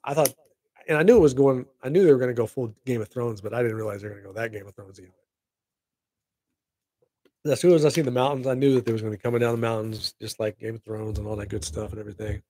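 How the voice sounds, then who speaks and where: A middle-aged man hosting his own show in casual chat, excitable and rambling with laughing asides. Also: mid-range voice, fast. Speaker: podcast host.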